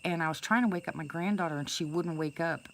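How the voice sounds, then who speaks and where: This older woman talks fast in a low voice, chatting directly with live viewers while she spins a long, meandering story about herself, full of fillers and false starts. In the background, faint crickets and insects chirp amid slight noise.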